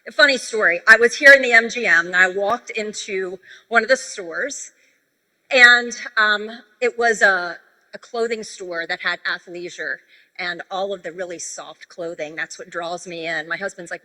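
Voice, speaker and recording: A woman speaking at a sales convention, coaching the audience in a conversational, animated storytelling manner. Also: mid-range voice, moderate pace. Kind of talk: sales training talk on stage. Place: large convention hall. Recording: reverberant convention hall.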